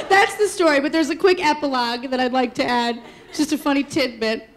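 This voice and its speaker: A woman's voice: sits high, a little fast. A woman telling a candid, rambling personal story on stage, laughing through her punchlines. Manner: candid, rambling, full of "like" and "you know". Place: storytelling stage before a live audience. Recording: live stage mic with audience noise. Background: audience laughter.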